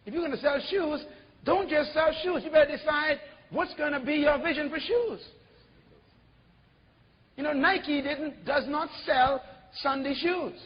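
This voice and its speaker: A man preaching an animated sermon as pastor, full of rhetorical questions. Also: very high-pitched, measured pace, in a large hall, dull audio.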